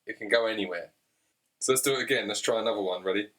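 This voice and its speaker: Guy rambling crude jokes, bright voice, kinda far from the mic. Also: on the low side, fast. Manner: crude, chatty, keeps urging the listener on. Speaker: comedian. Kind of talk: rambling comic monologue.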